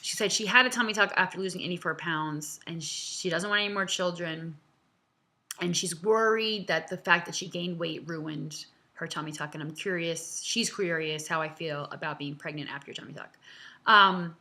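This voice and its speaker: A woman's voice: lowish voice, normal speed, bright, forceful tone. A woman in her thirties talking from home in a vlog, answering viewers in a chatty, earnest way with many fillers and laughs, close to tears. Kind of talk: casual, heartfelt direct-to-camera talk.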